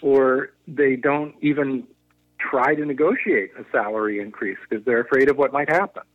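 A man speaks at an ordinary mid pitch, reflective and explanatory, circling back to restart his thoughts as he works through an idea. The sound is thin and phone-like, close and dry with no room around it. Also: moderate pace, no echo. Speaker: guest, negotiation consultant. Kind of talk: conversational podcast interview. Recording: tinny phone-line audio.

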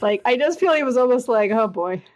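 A woman's voice: high-pitched, fast talker, muffled recording. A woman co-hosting a casual chat about a reality show, chatty and full of "like"s. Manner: chatty, many "like"s, laughs easily. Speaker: podcast co-host.

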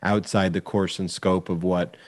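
Man, lowish voice, podcast co-host, hesitant storyteller. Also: flat delivery, measured pace. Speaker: podcast co-host, civil rights lawyer. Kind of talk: casual legal commentary.

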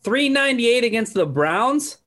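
High-voiced bro in deadpan exasperation. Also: male voice, measured pace. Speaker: podcast co-host. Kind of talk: joking sports betting banter.

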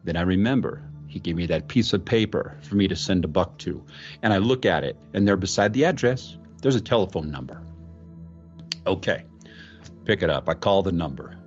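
Low-voiced man telling a spooky story. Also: lo-fi sound, faint music behind. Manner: slipping in and out of a celebrity impression; halting, repeats words, sudden high exclamations. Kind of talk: dramatic retelling of a ghost story.

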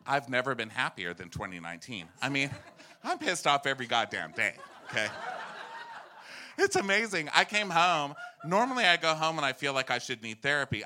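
A man from Texas talks loudly and fast-shifting as a podcast guest, swearing freely and breaking into shouts. His voice is high for a man and extremely bright and sharp. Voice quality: loud. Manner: animated, swears a lot, bursts into shouts. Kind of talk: comedic rant.

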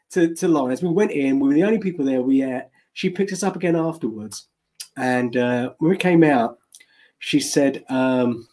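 English guy rambling thru a story, husky voice, lots of ups and downs. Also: fairly high pitch, a little mellow. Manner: rambling anecdotes with restarts, quick laughs. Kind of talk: casual chat, storytelling.

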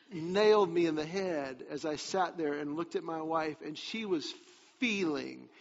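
A man giving a sermon as a pastor, telling a personal story in a confiding way that turns emphatic. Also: on the high side. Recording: long hall reverb, dull lo-fi sound.

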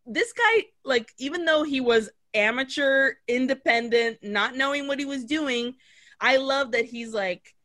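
A woman co-hosts a casual podcast, walking through a film scene by scene. Her voice sits a little high, and she tells the story with animation, slipping into the characters' lines and swearing freely. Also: measured pace, bright, forceful tone. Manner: swears casually, laughs often. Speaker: podcast co-host. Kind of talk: casual movie recap chat.

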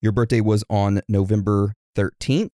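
A man reading out birthday shout-outs on a podcast, joking and poking fun at himself. His voice sits on the low side. The sound is dry and close. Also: steady tone, moderate pace, dry recording. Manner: joking, self-deprecating. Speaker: podcast co-host.

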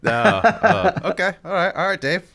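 A man's voice: high-pitched, steady tone, normal speed, vocal fry, fairly bright tone. A young man co-hosting a podcast, joking sarcastically in casual sports banter. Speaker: podcast co-host.

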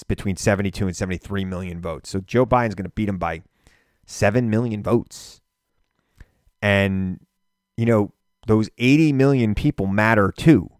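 A man's voice: on the low side, no echo, studio quality. Indignant male political talk host. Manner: animated, indignant, rhetorical questions. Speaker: political radio and podcast host. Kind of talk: opinionated political monologue.

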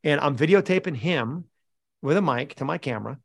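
A man leads a live group coaching call, telling coaching stories with energy and encouragement. His voice sits a little high and his words come quickly, tumbling over each other. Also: animated, gravelly, slightly rough. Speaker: mental performance coach, host. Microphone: video call.

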